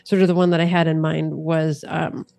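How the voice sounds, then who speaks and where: Low, gravelly-voiced woman. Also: level tone, dark tone. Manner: halting, searching for words. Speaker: tabletop game player. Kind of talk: casual chat.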